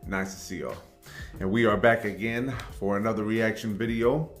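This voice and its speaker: A man's voice: fairly low pitch, fairly even intonation, moderate pace, echoey room, soft background music. A man hosting a reaction video, chatting in a rambling, friendly way with lots of fillers. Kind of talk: casual chat.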